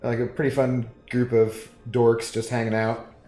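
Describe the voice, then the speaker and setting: A man's voice: mid-range voice, completely flat delivery, moderate pace, mellow. A man streaming from home who chats with viewers while he plays, rambling, laughing often and reading chat aloud. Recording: roomy echo with faint music.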